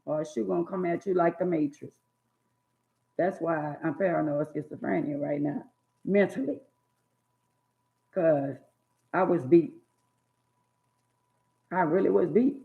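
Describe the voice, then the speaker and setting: A woman with a gravelly, fry-laden voice tells stories in casual chat. Her speech carries a lilt. She jumps into loud, shrill bursts when she imitates angry parents. The sound is thin and phone-like. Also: unhurried, long pauses. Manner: animated, acts out scolding parents in loud bursts. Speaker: storyteller recalling childhood.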